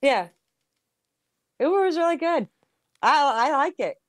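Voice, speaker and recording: A woman's voice: sits high, sing-song, no room sound. Chatty woman co-host, dry close sound. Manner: chatty, quick agreeing replies. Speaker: radio co-host. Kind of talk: casual radio banter.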